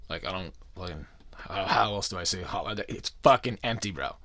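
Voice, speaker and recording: A man's voice: deep voice, lively intonation, fairly quick, bright, forceful tone, no room sound. Foul-mouthed man ranting on a podcast. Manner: crude, swearing constantly, mocking, jokey asides. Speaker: podcast host. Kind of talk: profane conspiracy podcast monologue.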